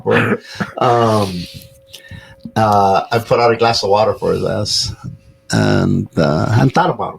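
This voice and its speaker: Gravelly low-voiced man telling stories. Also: measured pace, rough recording. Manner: loose, profane storytelling with many fillers. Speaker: podcast host. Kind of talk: casual podcast chat.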